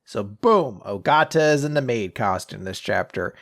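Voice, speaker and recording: Animated man recapping comics. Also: mid-range voice, brisk, hardly any pauses. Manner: animated, swears, jumps into quoted voices. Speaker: podcast host. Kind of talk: casual chat recapping comics.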